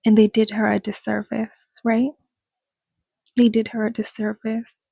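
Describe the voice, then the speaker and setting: A woman's voice: on the high side, monotone, measured pace, vocal fry, dark tone, husky, no room sound. A woman vlogger in casual commentary, reading an article aloud and mocking it, laughing often and talking to her viewers.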